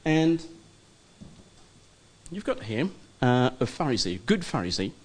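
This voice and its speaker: A man's voice: mid-range voice, very animated, unhurried. Hesitant man teaching a Bible class. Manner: hesitant, many ums and checking okays. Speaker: teacher of a church study group. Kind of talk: informal classroom lecture.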